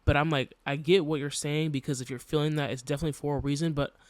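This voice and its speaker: A man's voice: a little high, fairly even intonation, quick pace, no room sound. A young man hosting a podcast, talking candidly and reflectively about his own experiences, with a casual, filler-heavy delivery. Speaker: podcast host. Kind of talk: personal podcast monologue.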